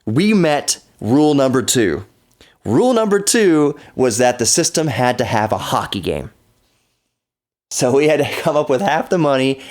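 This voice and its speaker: Male podcast host, 30s, lowish voice, loose rambling delivery with self-corrections. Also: a little mellow. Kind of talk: casual solo podcast talk.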